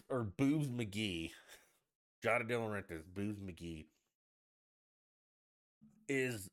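Lowish-voiced american guy ranting on his podcast, swears a lot, super blunt. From United States. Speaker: podcast host. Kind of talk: casual solo podcast rant.

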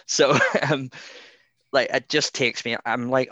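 A man's voice: medium pitch, normal speed, sharp tone, dry recording. A man co-hosting a podcast, chatting casually with a rambling, opinionated manner and frequent laughs. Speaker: podcast co-host. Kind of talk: casual chat.

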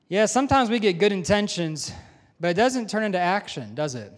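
A man's voice: high voice, very animated, fairly quick. A man, head of a school, giving a conversational chapel talk to students, joking and asking them questions. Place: large chapel or auditorium with balcony. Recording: long hall reverb.

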